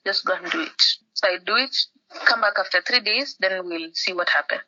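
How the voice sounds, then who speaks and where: On a phone call, a Kenyan woman appearing as a podcast guest tells a story in casual chat, animatedly acting out everyone she quotes and letting Swahili words slip in. Her mid-range voice is very bright and sharp, she talks briskly, and the line makes her sound a little muffled.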